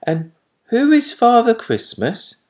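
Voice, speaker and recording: A man's voice: very high voice, wildly swooping pitch, slow pace, darkish tone, pitched above the performer's own voice, full character voice. A man voicing a timid, fluffy baby barn owl boy who gets cross easily and stammers when puzzled, in a storybook reading. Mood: curious.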